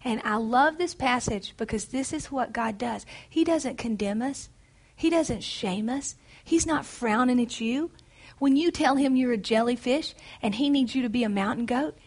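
A woman's voice: fairly high pitch, moderate pace, a little mellow. A woman leading a Bible study, speaking in an earnest, encouraging, conversational way.

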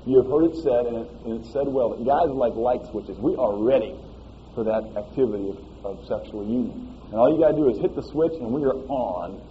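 A man preaching a sermon in a folksy, animated way, often asking "all right?" as he explains a scripture passage. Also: mid-range voice, a little fast, narrow, tinny audio, slight background noise.

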